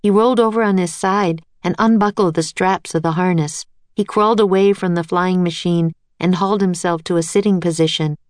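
Calm woman storybook narrator, slightly low voice, dry close recording. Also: a little fast, no room sound.

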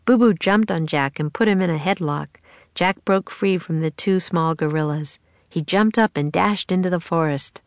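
A woman narrating a children's storybook aloud in a steady, expressive way. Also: fairly low pitch, moderate pace, no room sound.

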